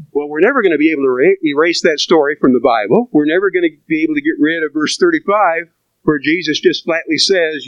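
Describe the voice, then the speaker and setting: Guy preaching a sermon, earnest and emphatic, kinda high voice, dry sound. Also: fairly bright tone, dry recording, highs cut off. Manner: earnest, emphatic, reads scripture aloud. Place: camp meeting.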